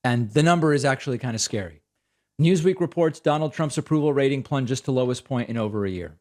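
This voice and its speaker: A man's voice: medium pitch, expressive, fast talker, darkish tone. Sarcastic male political commentator. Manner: sarcastic, incredulous. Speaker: political talk show host.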